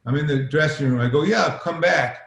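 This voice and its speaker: A middle-aged man spins a long, rambling story, swearing freely as he goes. His voice sits a touch high and carries a roomy echo. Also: brisk, gravelly, a bit bright. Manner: rambling, profane, acts out quoted exchanges. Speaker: podcast guest, filmmaker. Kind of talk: casual storytelling.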